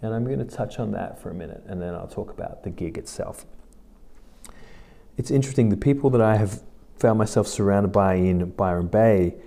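A man talks through a solo podcast episode in a relaxed, rambling way. His voice sits low and sounds dark and mellow. He thinks aloud as he goes. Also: normal speed, creaky. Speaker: podcast host. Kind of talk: casual solo podcast monologue.

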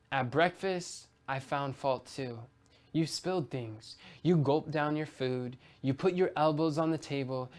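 A man hosting a podcast, reading a letter aloud in an earnest, unhurried way with small slips and restarts. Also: mid-range voice. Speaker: podcast host.

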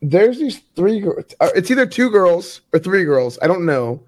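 A man's voice: sits high, very animated, moderate pace, a little hiss or hum. A man in casual chat, telling a story in a wry, offhand way. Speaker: streamer guest.

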